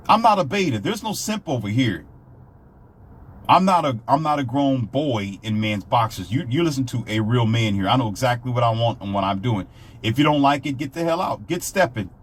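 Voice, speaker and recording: Blunt, husky man ranting. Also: mid-range voice. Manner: blunt, emphatic, repetitive. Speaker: self-published author giving dating advice. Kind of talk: ranting monologue.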